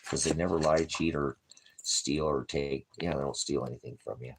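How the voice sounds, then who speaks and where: A very deep, creaky male voice with fairly even intonation and a moderate pace, heard over background noise. He preaches for a small ministry, rambling off the cuff like he's livestreaming, joking as he goes and addressing his dog between points.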